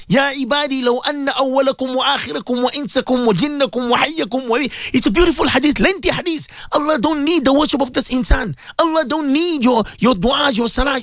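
A man's voice: very high voice, dry recording, studio quality. A man preaching a radio sermon, impassioned and pleading, repeating himself and mixing Arabic religious phrases into his English. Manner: impassioned, pleading, repetitive exhortation.

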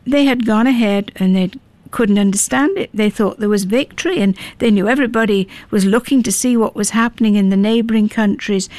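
A woman's voice: medium pitch, darkish tone, dry recording. A woman preaching a sermon in an earnest, pleading way, asking the listeners many questions.

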